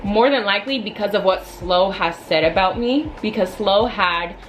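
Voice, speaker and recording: A woman in her twenties telling a storytime vlog in a blunt, casual, venting way, with animated asides. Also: medium pitch, normal speed, a little hiss or hum, low-quality recording. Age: 20s. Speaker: vlogger.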